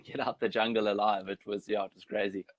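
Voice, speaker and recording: A young South African man with a fairly low voice speaks quickly in an even tone, and the audio sounds dull. He's a guest on an interview show, an ultra trail runner, telling stories in a loose, rambling, easygoing way.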